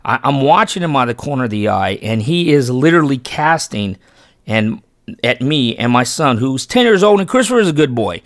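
A man's voice: medium pitch, sing-song, fairly quick, fairly bright tone, dry recording. Earnest man telling a fishing story, dry sound. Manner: rambling, frequent restarts and self-corrections; earnest, emphatic when praising his son. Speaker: fishing channel host and father. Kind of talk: casual storytelling vlog narration.

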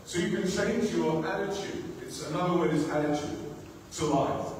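A man preaches in a relaxed, conversational way, often asking the congregation questions. His voice sits a little above the usual for men. The recording is distant, with a long, ringing church-hall echo and a faint room hum. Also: on the high side, normal speed. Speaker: pastor. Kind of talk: sermon. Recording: echoey church hall, mic far off.

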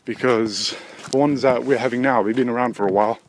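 A man hosting a solo podcast, rambling through offhand comic musings with frequent swearing and a deadpan delivery. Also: medium pitch, fairly quick, slight background noise. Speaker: podcast host.

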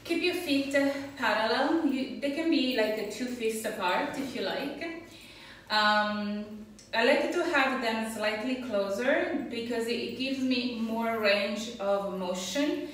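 Slow, patient woman teaching dance, echoey room. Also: fairly high pitch, a bit bright, recorded from a distance, a little hiss or hum. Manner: slow, patient counting of rhythm and steps. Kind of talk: dance class instruction.

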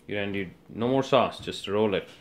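A man's voice: on the low side, moderate pace, slight background noise. A man in casual kitchen banter, playful and bossy as he teases his friend while cooking. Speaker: home cook vlogger. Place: home kitchen.

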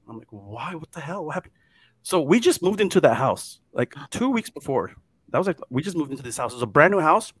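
A man telling a ghost story in casual chat, animated and dropping to hushed tones at the scary parts. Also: fairly high pitch, no room sound. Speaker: guest storyteller.

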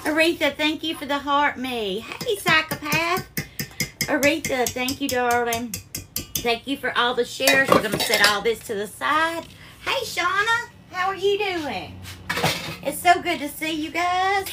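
Southern woman, cooking-stream host, high bright voice, faint hiss behind. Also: measured pace. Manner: affectionate, calls viewers darling and honey. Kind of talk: live cooking stream, greeting viewers. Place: home kitchen.

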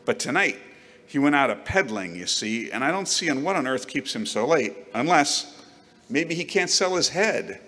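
A man's voice: medium pitch, sing-song, normal speed, bright, forceful tone, voice pushed up. A man voicing a sly, teasing old innkeeper in a folksy drawl, reading aloud in a reverberant hall.

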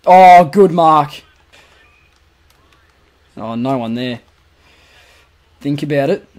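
Excitable young Australian gaming commentator. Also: male voice, fairly high pitch, very slow. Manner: swings from muttered asides to shouted goal calls. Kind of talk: excited play-by-play over a football video game.

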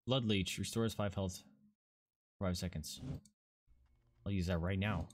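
A man doing casual let's-play commentary, swearing and excitable as he talks to himself and his viewers. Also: deep voice, a little slow, slight background noise. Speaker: gaming streamer.

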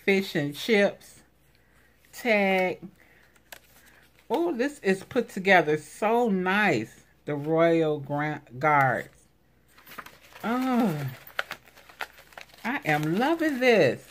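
A woman's voice: mid-range voice, sing-song, drawn-out words, pauses often, slight background noise. A woman vlogger chatting casually while opening craft mail, gushing and exclaiming over each piece. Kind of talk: casual unboxing chat.

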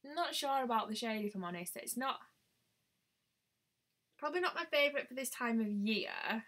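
Bright-voiced chatty woman. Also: a little high, animated, moderate pace. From United Kingdom. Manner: chatty, thinks aloud, exclaims often. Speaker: beauty vlogger. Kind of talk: casual live-stream chat.

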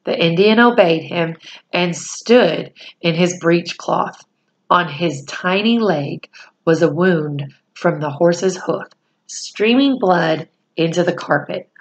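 A woman's voice: on the low side, lo-fi sound. A woman reading a children's novel aloud, who corrects small slips and stops to explain words. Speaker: storyteller.

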